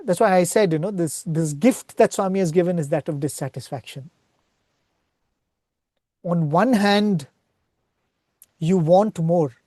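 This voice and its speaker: A man's voice: high voice, unhurried, pauses often, mellow, no echo. A man speaking at a spiritual retreat, earnestly retelling scripture stories in a devotional talk and often checking in with "right?".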